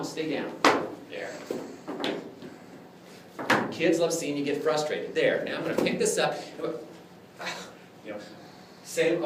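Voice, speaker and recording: A man lecturing on clown magic and demonstrating tricks to a class in an animated, jokey way, often acting out his exchanges with kids. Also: a little high. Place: lecture room. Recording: echoey room, far from the mic, background noise.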